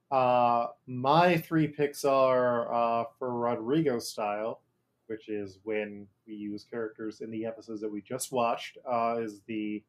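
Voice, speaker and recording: A man hosting a casual podcast chat, steering the segment with dry, jokey asides. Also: medium pitch. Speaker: podcast host.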